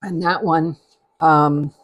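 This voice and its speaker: A man's voice: a little high, fairly even intonation, slow, fairly bright tone. A man hosting a live cooking stream, chatting casually and rambling as he tastes the food. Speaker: cooking show host.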